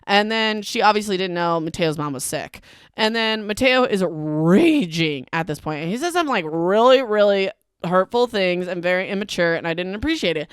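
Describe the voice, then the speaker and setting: A woman's voice: mid-range voice, lively intonation, moderate pace, smooth, no echo, studio quality. A woman hosting a casual book recap podcast, talking in a chatty, emphatic way and filling her speech with "like". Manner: chatty and emphatic, heavy use of "like". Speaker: podcast host.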